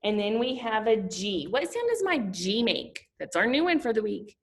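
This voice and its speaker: High-voiced teacher sounding out phonics. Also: female voice, big pitch swings. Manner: slow, sing-song phonics teaching with questions to pupils. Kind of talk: early reading lesson for young children.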